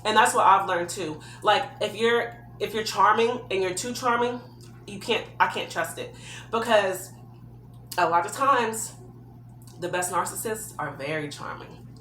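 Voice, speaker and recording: Woman vlogger, earnest heartfelt advice, mid pitch, echoey room with a light hum. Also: unhurried, pushed and bright. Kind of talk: personal advice vlog.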